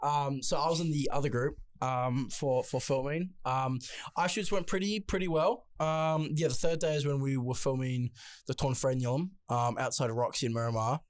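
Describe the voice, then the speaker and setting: A man's voice: medium pitch, steady tone, moderate pace, no echo. Laid-back young man, dry close sound. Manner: laid-back, swears freely, lots of ums. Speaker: podcast co-host. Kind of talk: casual chat.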